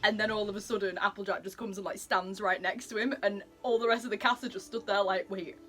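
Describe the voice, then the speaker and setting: A woman's voice: medium pitch, fairly even intonation, quick pace, fairly bright tone, soft background music. A woman reacting to a comic as she reads it, gushing and giggly with lots of exclamations. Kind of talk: excited reading reaction.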